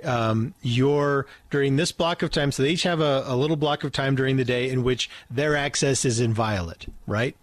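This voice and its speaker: A man's voice: medium pitch, normal speed, hardly any pauses, dry recording. A man hosting a radio talk show, chatty and joking with his co-host. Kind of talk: casual radio chat.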